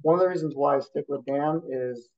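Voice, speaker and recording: A man's voice: a little high, brisk, a little mellow, dull audio. A man, a therapist guest, talking bluntly and telling stories in a casual interview. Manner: blunt, storytelling, competitive.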